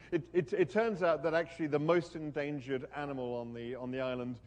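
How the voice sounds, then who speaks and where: A man speaking at a university event, telling a story with dry humour and reading from his own text. He hesitates often and restarts his sentences. His voice sits a little high for a man. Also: fairly even intonation, a little fast, a little mellow, muffled recording. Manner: wry, hesitant, many ums and restarts. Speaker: guest speaker. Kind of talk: lecture with reading aloud.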